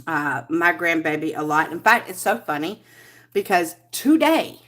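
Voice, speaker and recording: A woman's voice: low-pitched, lively intonation, measured pace, a bit bright. A middle-aged woman hosting a casual live stream, chatty and rambling as she greets viewers by name. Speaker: livestream host.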